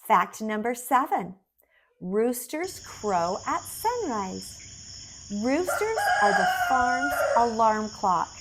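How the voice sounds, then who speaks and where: A woman teaching preschoolers about farm animals, speaking in a sing-song way and chanting simple rhymes. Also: medium pitch. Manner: slow, sing-song, exaggerated for toddlers. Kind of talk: children's lesson with rhymes.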